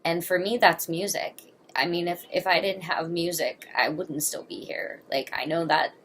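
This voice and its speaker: Candid young woman vlogger, low voice, faint hiss behind, speaks frankly and with feeling. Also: normal speed, fairly bright tone. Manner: earnest, candid, emotional, blunt. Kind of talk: personal confessional talk to camera.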